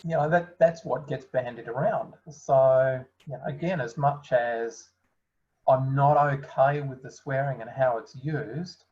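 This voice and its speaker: A man's voice: medium pitch, fairly even intonation, a little slow. Earnest father with muffled video-call sound. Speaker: parent. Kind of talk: online group discussion. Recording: dull lo-fi sound.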